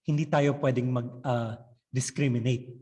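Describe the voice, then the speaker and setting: A man's voice: medium pitch, steady tone, normal speed, mellow, big-room sound, poor audio. Visayan-accented man lecturing teachers. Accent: Filipino, Visayan. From Philippines. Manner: switches between English and Tagalog, frequent "okay" and "no?" tags. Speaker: teacher trainer.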